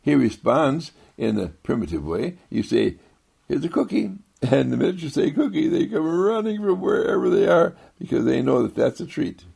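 Man, very gravelly voice, husky, soft-spoken, rambling, repetitive, gentle inspirational talk. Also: sing-song, moderate pace, hardly any pauses. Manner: swoops high when quoting others.

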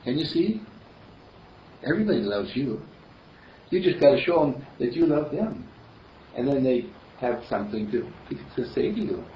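A man voicing a kindly talking candle that gently coaxes a child in a storybook tale. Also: mid-range voice, big pitch swings, normal speed, long pauses, a little hiss or hum, natural voice. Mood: coaxing. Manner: gently coaxing. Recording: distant roomy dull recording.

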